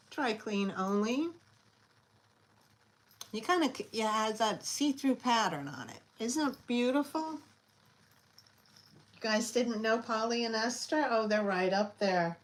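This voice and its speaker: A woman hosting a live online sale, chatty and scattered, often pausing with fillers as she shows each item. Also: fairly high pitch, rough recording. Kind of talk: casual live selling chat.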